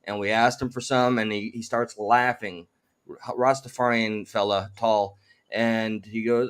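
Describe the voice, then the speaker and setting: A man's voice: fairly low pitch, little pitch movement, unhurried, clean tone. A man hosting a casual chat from his home, wordy and slightly formal in his phrasing. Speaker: host.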